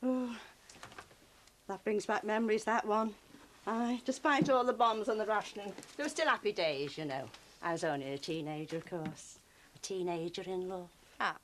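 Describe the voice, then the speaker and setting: An actress playing a blunt, sharp-tongued older woman. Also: mid-range voice, normal speed, pauses often, slight background noise, lightly acted. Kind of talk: soap opera acting.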